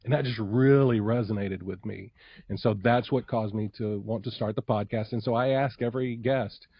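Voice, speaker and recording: A man's voice: fairly low pitch, steady tone, moderate pace, breathy edge, no echo, dull audio. Earnest man with a dry sound. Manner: earnest, with many "uh" fillers. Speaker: podcast host, guest. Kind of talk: casual interview chat.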